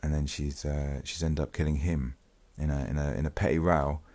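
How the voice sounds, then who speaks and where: A man with a remarkably deep, low voice talks through a criminal case for his vlog. He speaks casually and hesitantly, stopping to restart phrases and filling gaps with ums. Now and then he reads passages from a news article. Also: steady tone, normal speed, a little mellow. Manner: reads news excerpts aloud. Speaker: vlogger, channel host. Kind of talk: casual true-crime commentary.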